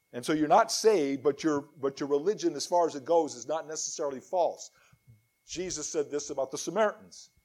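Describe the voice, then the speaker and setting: A man's voice: mid-range voice, darkish tone. A middle-aged man preaching a sermon, reading scripture aloud with rising emphasis.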